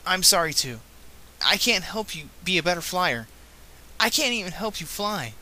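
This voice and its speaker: A man voicing a protective adult mare pony who speaks softly and comfortingly. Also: sits high, expressive, normal speed, voice pushed up, exaggerated voice. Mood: gentle. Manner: soft, comforting.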